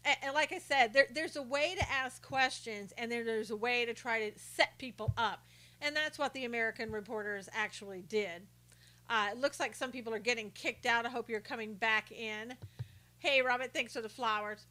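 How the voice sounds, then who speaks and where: A woman's voice: on the high side, normal speed, pushed and bright. A woman hosting a casual live stream who greets viewers by name, reads their comments aloud and talks indignantly about rude reporters.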